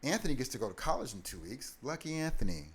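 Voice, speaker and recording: Animated man telling his life story. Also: mid-range voice. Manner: animated, acts out the people in his story with big swings in loudness; talks in quick bursts with many short restarts. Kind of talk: candid storytelling in a sit-down interview.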